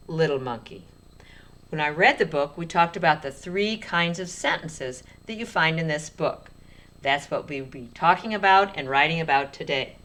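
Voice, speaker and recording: A woman teacher giving a slow, clear writing lesson to young children, speaking in an encouraging way. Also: sits low, a bit bright.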